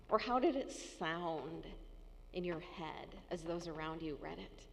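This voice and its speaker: A woman pastor giving a sermon in a church, speaking slowly and deliberately. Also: medium pitch, slight background noise. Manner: slow, deliberate preaching with acted-out tones. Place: church sanctuary. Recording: long church reverb.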